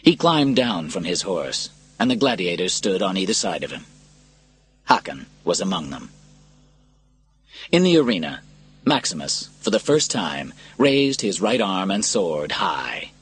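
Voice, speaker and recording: Male storybook narrator, low husky voice, very expressive pitch, dramatic reading. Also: a little slow, faint music behind.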